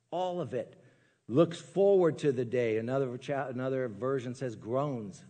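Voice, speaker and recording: A man preaching a sermon as pastor, animated and joking, acting out little scenes in his talk. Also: mid-range voice, a little slow. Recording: long hall reverb.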